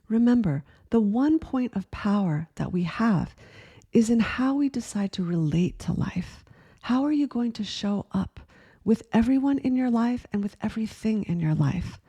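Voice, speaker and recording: A woman in her forties speaks in a gentle, earnest way, the way a spiritual teacher talks to viewers, and often puts questions to the listener. Her voice is mellow and warm, with a soft, breathy edge. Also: fairly high pitch. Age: 40s. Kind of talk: reflective spiritual talk to camera.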